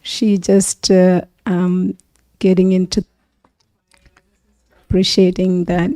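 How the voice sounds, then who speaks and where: Woman in a study group, mellow tone, thoughtful and searching for words. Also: on the low side, little pitch movement, slow pace, no echo. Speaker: class participant. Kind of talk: sharing reflections in a class.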